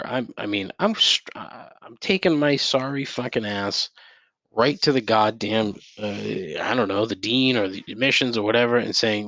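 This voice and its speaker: Solo podcast host, man, low voice, profane and rambling, rants at home on a dry close mic. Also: normal speed, fairly bright tone, no room sound. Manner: profane, rambling, with frequent restarts and outbursts.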